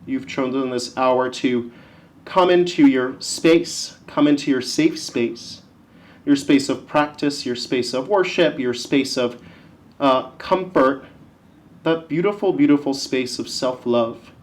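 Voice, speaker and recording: A man leading a yoga class, giving calm, encouraging step-by-step cues. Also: mid-range voice, slow, roomy sound. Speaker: yoga instructor.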